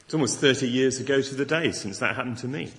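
A man's voice: medium pitch, fast, a bit bright. Earnest male preacher in an echoing hall. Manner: earnest, conversational, acts out imagined objections. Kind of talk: evangelistic Christmas sermon. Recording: long reverb of a large hall.

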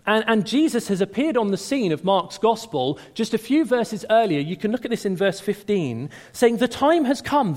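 A man preaching a sermon to a gathering, speaking with animated emphasis and raising his voice on quoted lines. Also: on the high side. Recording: reverberant hall.

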